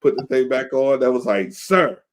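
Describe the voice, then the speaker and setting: A man's voice: mid-range voice, steady tone, fairly quick, a little mellow. A man in his thirties, co-hosting a podcast in casual chat, telling laid-back stories and acting out quotes. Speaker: podcast co-host. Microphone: video call.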